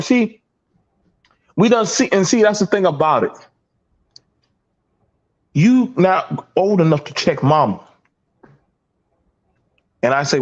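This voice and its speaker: A man's voice: fairly high pitch, animated, slow pace, pauses often, dull audio. A man hosting a heated panel talk, telling emphatic, profane stories. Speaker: podcast host.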